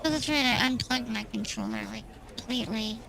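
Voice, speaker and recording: A woman's voice: fairly high pitch, lively intonation, brisk, vocal fry, a crowd in the background, poor audio. A woman streaming at home with a cat on her lap, chatting playfully and greeting her viewers one by one. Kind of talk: casual live-stream chat.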